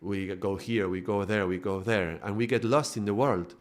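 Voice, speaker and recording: A man's voice: fairly low pitch, moderate pace. A man giving a live spiritual talk, building extended metaphors and often checking in with tag questions. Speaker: spiritual teacher.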